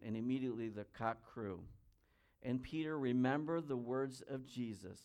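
A man preaching a sermon. He reads scripture aloud, comments on it, and swings between loud emphasis and quiet asides. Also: medium pitch, lively intonation, moderate pace. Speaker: pastor.

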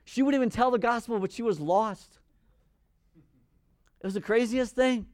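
Animated high-voiced male preacher. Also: no echo. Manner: animated, acts out Bible figures in quick voices. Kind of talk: sermon.

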